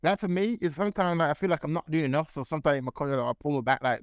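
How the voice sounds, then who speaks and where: British male fighter guest, quick, matey talk, smooth and clear. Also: on the high side, no echo, clean studio sound. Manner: fast, relaxed and matey. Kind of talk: interview over a call.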